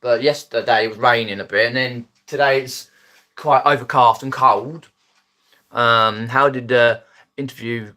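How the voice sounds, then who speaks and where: A man's voice: medium pitch, steady tone, measured pace, bright, forceful tone. A man from Surrey with a Mockney accent, chatting casually to viewers on his phone live stream, rambling with many ums and restarts. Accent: Mockney, South East English. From Epsom, Surrey, England.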